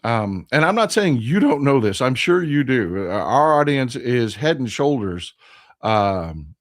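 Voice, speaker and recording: A man's voice: mid-range voice, very animated, unhurried. A man hosts a casual political livestream. His voice swings up and down a great deal as he rambles in an impassioned, folksy way. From Texas. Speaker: live stream host.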